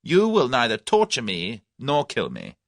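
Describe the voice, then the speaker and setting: A man's voice: medium pitch, huge pitch swings, a little slow, no echo, clean studio sound, pitched above the performer's own voice. A man voicing a confident young Englishman who bluffs his captors with breezy scorn, in an audiobook.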